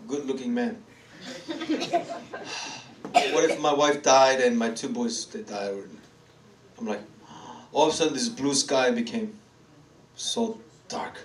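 A middle-aged man with a Korean accent, a native Korean speaker, preaching a lively personal testimony as a pastor, acting out voices and laughing often. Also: mid-range voice. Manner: animated storytelling, acts out voices, laughs often, sings. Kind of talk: sermon testimony. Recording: echoey room from far off, faint noise.

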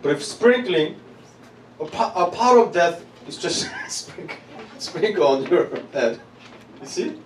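A male pastor preaching a sermon, drawing call-and-response from the congregation and building to loud declarations. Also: a little high, slight background noise. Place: church hall. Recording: echoey hall, miked from a distance, congregation audible.

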